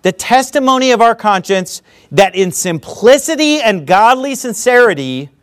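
Animated high-voiced male preacher. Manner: animated preaching with mocking asides and laughter. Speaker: pastor. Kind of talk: sermon.

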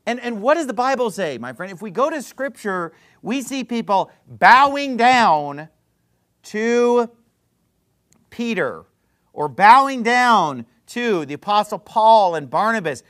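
A man's voice: high voice, very animated, measured pace, fairly bright tone. A man preaching a sermon, full of rhetorical questions and sarcastic jabs. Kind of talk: fiery street-preacher sermon.

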